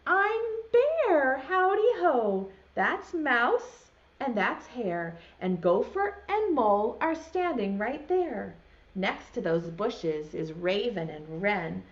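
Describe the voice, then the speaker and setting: A woman voicing a big, gentle, curious bear in a children's story, calling out eager questions. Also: fairly high pitch, big pitch swings, slow pace, dull audio. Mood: welcoming. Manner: eager questioning, repeated calls.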